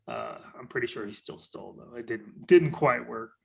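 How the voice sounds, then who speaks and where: A man speaking in a mid pitch, with a bright, tense tone and a gravelly fry underneath. He tells casual anecdotes in an easygoing, filler-heavy way. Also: normal speed. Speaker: podcast guest. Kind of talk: casual chat.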